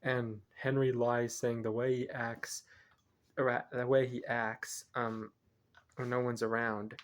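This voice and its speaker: A man's voice: mid-range voice, flat delivery, takes it slowly. A man reviewing a film, retelling its plot casually in a rambling way and often correcting himself. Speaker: movie reviewer.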